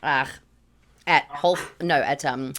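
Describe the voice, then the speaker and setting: A woman's voice: low-pitched, measured pace, fairly bright tone, slight background noise. A woman with an Australian accent hosting a podcast, chatting casually and swearing freely. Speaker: podcast host. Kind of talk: casual chat.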